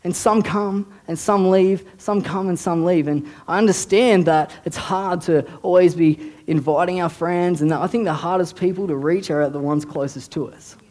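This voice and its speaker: A man preaching to his church in an easy, conversational way. His voice sits a little high, and he often repeats words and restarts phrases as he builds each point. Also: fairly even intonation, moderate pace, hardly any pauses, darkish tone. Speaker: youth pastor. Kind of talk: casual sermon.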